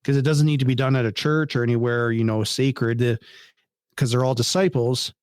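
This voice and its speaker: A man as a podcast guest, telling a story in casual chat, animated and incredulous, swearing freely. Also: mid-range voice, fairly quick, clean tone, no room sound, studio quality.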